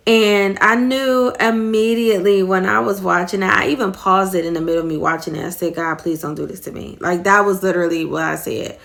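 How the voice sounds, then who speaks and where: A woman's voice: medium pitch, fairly even intonation, a little fast, gravelly, few pauses, a bit bright. A middle-aged woman hosting a faith talk, retelling a movie in a rambling, earnest way with many fillers. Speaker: host.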